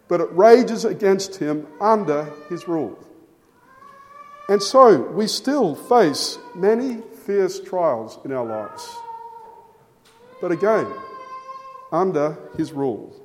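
A man preaching a sermon, emphatic, with his voice rising and falling for stress and measured pauses. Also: on the high side, warm tone. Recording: long hall reverb.

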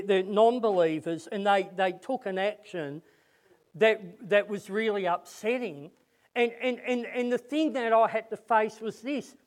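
A man delivers a sermon and then leads his listeners in prayer. His voice sits notably high for a man, and he speaks earnestly, often doubling back and repeating words as he works through an idea. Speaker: preacher.

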